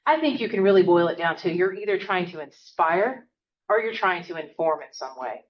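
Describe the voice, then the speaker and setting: A woman's voice: lowish voice, lively intonation, reverberant, highs cut off. A woman professor from the American South with a Southern accent, giving a chatty, interactive workshop talk in a classroom and often asking "right?". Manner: fast-talking, chatty, often adds "right?". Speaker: college professor.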